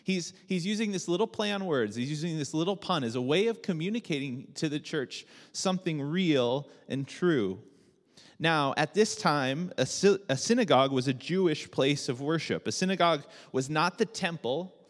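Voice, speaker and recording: Joking pastor in a reverberant hall. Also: male voice, on the high side, normal speed. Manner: relaxed, joking, with many fillers and restarts. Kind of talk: sermon.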